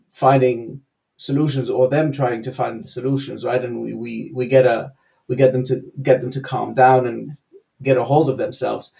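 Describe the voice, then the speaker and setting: Relaxed male co-host, video call, chatty and hesitant, laughs easily. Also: mid-range voice, creaky. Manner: easygoing, laughs easily, many fillers and restarts. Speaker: co-host and coach. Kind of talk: casual panel discussion.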